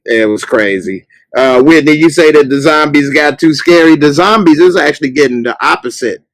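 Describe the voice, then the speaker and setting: A man hosting a casual podcast livestream, chatting loosely and breaking into loud, mocking outbursts. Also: on the high side, moderate pace, no echo. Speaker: podcast host.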